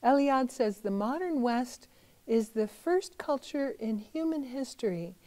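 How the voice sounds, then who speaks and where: Middle-aged woman, Buddhist teacher; mellow, fairly high voice; gentle reflective talk. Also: animated, measured pace, low-quality recording. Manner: gentle, thoughtful, conversational with fillers.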